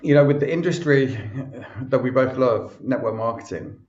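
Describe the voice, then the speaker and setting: A man's voice: mid-range voice, moderate pace, darkish tone, lo-fi sound. A male podcast host talking casually, rambling with many restarts, on an echoey video call. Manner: rambling, lots of fillers and restarts. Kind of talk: casual conversation.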